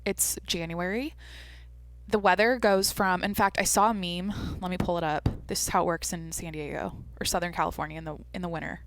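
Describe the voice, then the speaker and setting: A woman's voice: lowish voice, steady tone, a little fast, a little hiss or hum. A woman hosting her own podcast alone, chatting casually, rambling, restarting her sentences and swearing freely. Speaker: podcast host. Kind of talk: casual solo chat.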